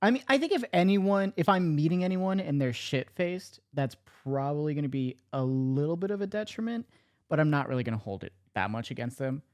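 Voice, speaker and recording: A man's voice: a little high, expressive, brisk. A man as the guest in casual chat, rambling, correcting himself and laughing a lot.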